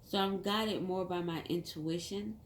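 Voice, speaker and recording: Low-voiced woman talking in an echoey room. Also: fairly even intonation, measured pace. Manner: rambling, heartfelt, tearful at times. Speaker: tarot reader. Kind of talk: casual monologue to camera. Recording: echoey room, faint background hum.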